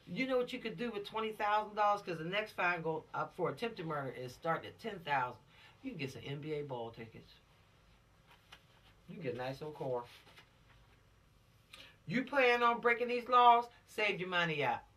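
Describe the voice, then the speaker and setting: A man with a fairly high, bright, sharp-edged voice is giving a casual spoken lesson to teenagers. He talks straight at them, preachy and earnest, with rhetorical questions like a teacher. He sounds set back from the microphone. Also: expressive, normal speed, long pauses, far from the mic. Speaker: teacher of a law video series for teens.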